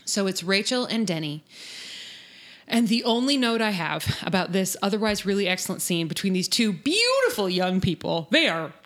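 A woman's voice: medium pitch, normal speed. Chatty woman recapping a TV episode. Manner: chatty, animated retelling with acted quotes. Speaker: podcast co-host. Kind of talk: casual recap chat.

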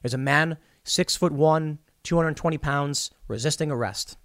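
A man's voice: on the high side, moderate pace, fairly bright tone, dry recording, clean studio sound. A man delivering a blunt, opinionated commentary monologue straight to his viewers, retelling events with acted-out dialogue. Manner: blunt, talks straight to the viewer with a personal take. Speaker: political commentator.

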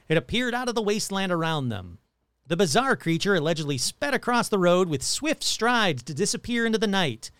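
A man's voice: a little high, fairly bright tone, clean tone, no room sound. A male podcast host talking through a casual, jokey monologue with frequent swearing and asides.

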